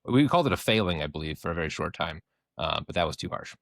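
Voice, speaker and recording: A man's voice: low voice, expressive, fast talker, no room sound, clean studio sound. A man with a Minnesotan accent, co-hosting a podcast in playful, joking casual chat. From Minnesota, USA. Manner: playful, swears casually, jokey. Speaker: podcast co-host.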